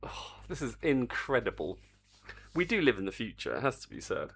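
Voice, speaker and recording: A man's voice: mid-range voice, sing-song, moderate pace, a bit bright, breathy edge. An older man, chatting casually on a live stream while he works on a game, reading the chat aloud and swearing mildly.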